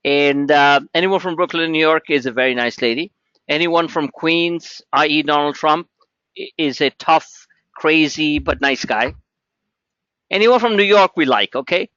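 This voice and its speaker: A man hosting a live trading webinar in a bright, forceful voice, a bit higher than most men. He rambles informally with lots of restarts and side jokes. The audio is dry and dull, like lo-fi webinar sound. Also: measured pace, clean tone, no room sound. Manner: rambling, with many restarts and asides; joking, informal.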